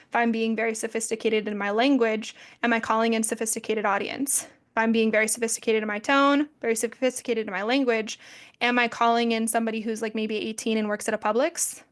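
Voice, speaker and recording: A woman in her twenties giving a casual, friendly presentation with lots of fillers. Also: on the high side. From American Midwest family. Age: 20s. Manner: chatty, friendly, peppered with fillers. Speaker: social media presenter.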